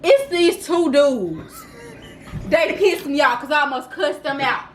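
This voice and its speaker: A woman's voice: sits high, unhurried, slight background noise. A woman in her twenties telling a storytime vlog story in a casual, laughing, dramatic way. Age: 20s. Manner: animated, laughing, self-described dramatic. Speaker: vlogger.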